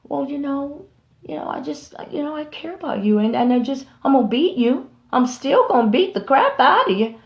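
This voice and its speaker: A woman voicing a sly male animal trainer who speaks softly and sweetly while threatening violence. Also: sits high, sing-song, normal speed, few pauses, voice pushed up. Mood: falsely soothing. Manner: falsely gentle, soothing, hesitant. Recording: roomy, slightly dull recording.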